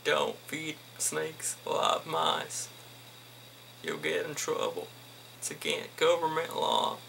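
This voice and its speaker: A mumbling, jokey impression of an older male politician, as a man puts it on in a comedy vlog. It is delivered softly, with a bright tone and a clowning manner. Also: a little high, takes it slowly, vocal fry, slight background noise, pitched above the performer's own voice, heavily acted, low-quality recording. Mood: mocking. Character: mock impression of a former male US president.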